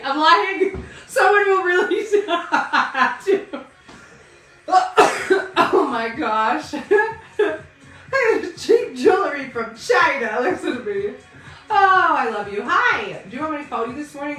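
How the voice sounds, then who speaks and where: Woman, live-stream host, casual chat, loud joking banter, bright tone, echoey room. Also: a little high, distant mic. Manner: loud, laughing banter with viewers. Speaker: wig seller hosting a live stream. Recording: roomy sound from off-mic with faint music.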